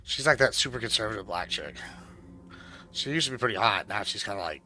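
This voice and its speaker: Man, streamer, casual gaming chat, crude, swearing, rambling, very sharp bright voice. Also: lowish voice, lively intonation, brisk, a little hiss or hum. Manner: rambling, crude, swears a lot, lots of fillers.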